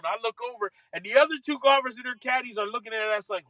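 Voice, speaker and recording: A man telling a lively story, acting out voices and laughing often. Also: very high-pitched, quick pace, hardly any pauses, no room sound. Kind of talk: animated storytelling.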